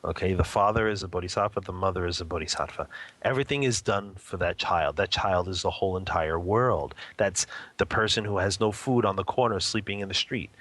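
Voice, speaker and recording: A man's voice: low-pitched, a bit bright. A man guest talking casually about family life and spiritual practice, checking in with "okay?" and "you know" and chuckling often. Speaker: interview guest, home meditation practitioner and father. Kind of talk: casual spoken teaching.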